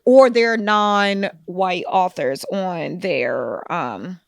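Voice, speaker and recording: A woman co-hosting a book podcast, talking in an animated, conversational way with frequent asides. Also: on the low side, extremely slow, creaky, dry recording, studio quality. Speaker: podcast co-host. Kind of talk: casual book discussion.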